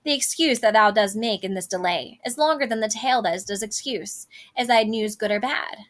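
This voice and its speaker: A woman's voice: a little high, brisk, close to an everyday voice. A woman reading the lines of an impatient, lovesick teenage girl from a play, eager and pleading.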